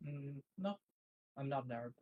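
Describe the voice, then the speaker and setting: A man's voice: medium pitch, animated, normal speed, phone-quality sound. A man calling into a live debate, speaking casually and hesitantly with many fillers. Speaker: caller.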